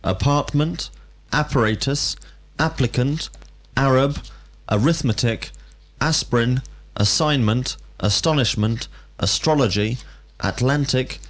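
A man reading a vocabulary list for learners with clear, deliberate enunciation. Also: medium pitch. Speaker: vocabulary reader.

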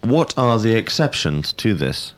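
A man giving a scripted grammar lesson, speaking in a measured, precise way and prompting answers. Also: lowish voice, sing-song. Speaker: language teacher.

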